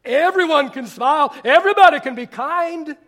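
A male pastor preaching a sermon, repeating phrases for emphasis, shouting some lines and dropping others to a near murmur. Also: very high-pitched, animated, moderate pace.

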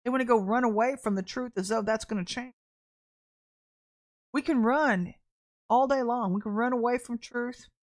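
Blunt, animated woman podcast prophet. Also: fairly high pitch, moderate pace, pauses often. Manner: blunt, animated, laughs at herself, repeats phrases for emphasis. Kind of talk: livestreamed prophetic teaching.

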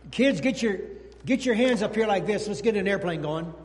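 A male pastor preaching a sermon, telling a story in an animated way and calling out to the children in the congregation. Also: high voice, moderate pace. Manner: animated storytelling, talks to the kids in the room. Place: church sanctuary. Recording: long hall reverb in a church.

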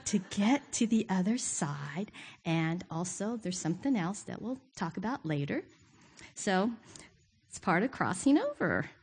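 A woman's voice: mid-range voice, sing-song, a little slow, darkish tone, slightly rough. A woman giving a sermon to her church, candid and self-deprecating, often laughing. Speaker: guest preacher. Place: church sanctuary.

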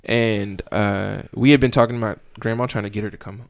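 This is a young man with a low, gravelly voice, chatting as a guest on a podcast. He tells stories about his work as a police officer and jumps into lively voices for the people in them. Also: brisk, no room sound, clean studio sound. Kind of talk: casual podcast storytelling.

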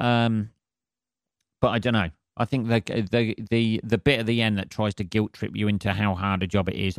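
A man's voice: fairly low pitch, dry recording, clean studio sound. A middle-aged man, rambling sweary and meandering through a solo podcast while lightheaded and dozy on painkillers. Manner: sweary, meandering, self-interrupting. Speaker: podcast host.

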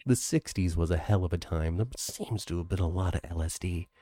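Chatty low-voiced man co-hosting a podcast. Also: fairly quick, very noisy. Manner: chatty, animated, laughs often. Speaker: podcast co-host. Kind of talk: casual chat. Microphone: home computer mic, video call.

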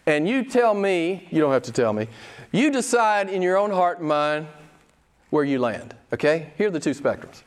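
A man's voice: fairly high pitch, sing-song, normal speed. A male pastor preaching a sermon, emphatic and repeating his key phrases for weight.

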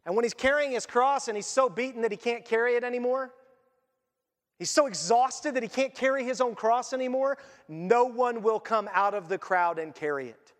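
A man's voice: very high voice, in a large hall. A man preaching a sermon, speaking emphatically and repeating his key phrases.

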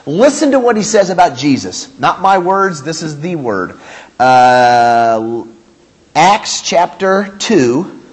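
A male pastor preaching a sermon, animated and emphatic, with humor and rhetorical questions. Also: on the high side, slow.

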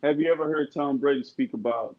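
A man co-hosting a casual sports podcast, talking in an animated way and jumping in over the others. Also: a little high, fairly quick, phone-quality sound. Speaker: podcast co-host.

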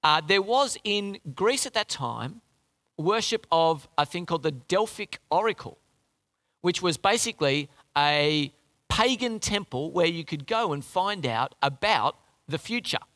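A man preaching a sermon in an animated, conversational way, often restarting his phrases. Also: a little high, unhurried.

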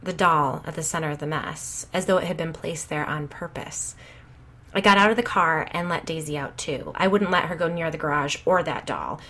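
Low-voiced woman narrating a story. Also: normal speed, bright, forceful tone. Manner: dry, conversational, wry.

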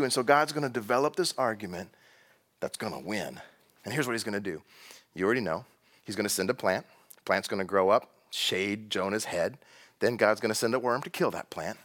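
A man's voice: medium pitch, brisk, fairly bright tone. A man from Texas, preaching a sermon to a congregation in a conversational style, drawing out key words and asking rhetorical questions. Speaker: pastor.

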